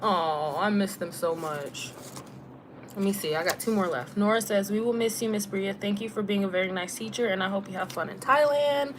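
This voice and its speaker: A young woman vlogger chatting casually on a live Q&A, relaxed and talkative, using lots of filler "like" and slang while she reads out viewer comments and letters. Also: medium pitch, normal speed, noisy background. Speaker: travel vlogger and former teacher.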